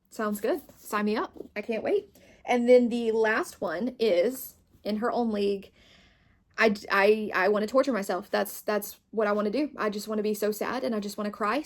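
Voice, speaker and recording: A young woman chatting casually as a book vlogger, bubbly and gushing, with lots of fillers. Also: medium pitch. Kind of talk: casual chat.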